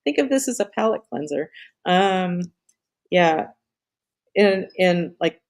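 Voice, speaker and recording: A woman's voice: lowish voice, expressive, takes it slowly, a little mellow. A middle-aged woman hosting a live stream in casual chat, rambling off on tangents, swearing and laughing often.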